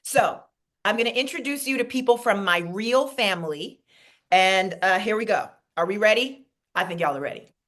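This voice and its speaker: A woman's voice: medium pitch, a bit bright. A woman from Queens with a New York accent, giving a playful comedic monologue over a video call. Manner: playful, quick banter with asides.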